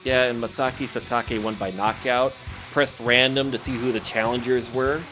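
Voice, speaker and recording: A man from Minnesota chatting casually with friends while playing a wrestling game, relaxed and full of fillers. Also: medium pitch, moderate pace, over music.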